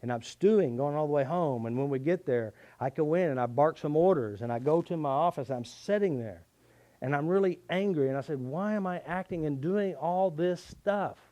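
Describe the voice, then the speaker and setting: A man's voice: a little high, lively intonation, fairly quick, dark tone. A middle-aged man teaching a tapping therapy method, telling a personal story in an earnest, confessional way. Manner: earnest, confessional, with shifting emphasis.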